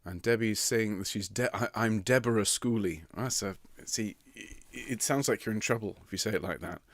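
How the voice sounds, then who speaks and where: A lower-voiced man runs a home online choir rehearsal, greeting each singer with light teasing. His voice sounds a touch rough and sandpapery. The sound is dry and close, from a computer mic with no room echo. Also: moderate pace. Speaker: choir director. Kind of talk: live online rehearsal chat. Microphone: computer mic on a video stream.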